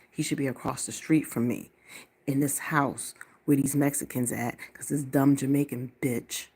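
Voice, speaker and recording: A woman from the United States delivering a blunt, profane ranting monologue to camera as a vlogger, slowing down to hammer her points. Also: rumbling low, darkish tone, breathy edge.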